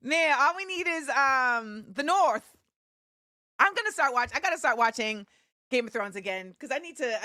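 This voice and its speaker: A woman hosting a live show, chatting casually with viewers and shouting them out with bursts of excitement. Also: fairly high pitch, no room sound, clean studio sound. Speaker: livestream show host.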